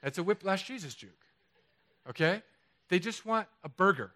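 A man preaching a sermon in a chapel, lively and conversational, with jokes. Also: high voice, moderate pace. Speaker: pastor.

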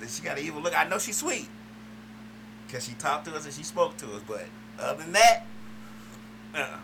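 A man's voice: fairly high pitch, sing-song, brisk, vocal fry, background noise. A man co-hosting a casual radio chat, laid-back and teasing, still getting over a cold. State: lingering cold. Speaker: radio co-host.

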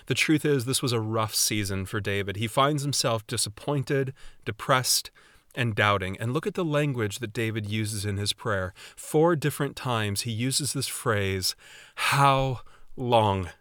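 A man preaching a sermon in a measured, earnest way, with readings from scripture. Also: lowish voice, a bit bright, no room sound, clean studio sound. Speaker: pastor.

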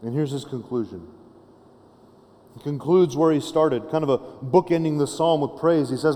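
A man's voice: on the high side, normal speed, mellow. A man preaching a sermon in a casual, conversational way, often restarting phrases and checking in with his listeners. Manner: conversational preaching with frequent restarts and tag questions. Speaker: pastor. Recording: long reverb of a large hall.

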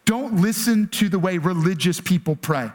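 High-voiced man preaching a casual sermon. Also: lively intonation, normal speed, darkish tone. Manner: conversational preaching, rhetorical "right?" asides; acts out children's pleading voices. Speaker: pastor.

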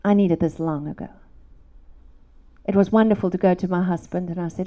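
A woman's voice: lowish voice, steady tone, brisk, long pauses, lo-fi sound. A middle-aged woman, preaching a sermon through emotional personal stories.

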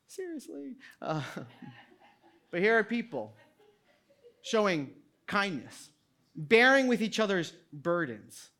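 A man preaching a sermon as a pastor, lively and emphatic. He swings between loud declarations and hushed asides and laughs often while he talks. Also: high voice, slow pace, pauses often. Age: adult parent.

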